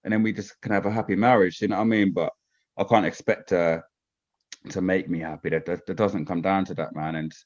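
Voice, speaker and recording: A man's voice: deep voice, fairly even intonation, fairly quick, a little mellow, highs cut off. A man talking as a podcast guest in casual, rambling chat, often checking "do you know what I mean".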